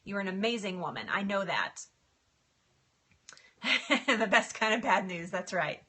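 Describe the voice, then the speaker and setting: A middle-aged woman chatting casually on a live stream, emotional and quick to laugh, answering viewer comments. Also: mid-range voice, lively intonation, bright, forceful tone, breathy edge. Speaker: livestream host.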